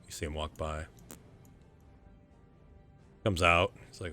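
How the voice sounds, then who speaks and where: A male game master running a tabletop session, talking in a relaxed way with frequent ums and uhs. His voice is bright and sits slightly low. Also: moderate pace, long pauses, soft background music. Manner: relaxed, hesitant with fillers.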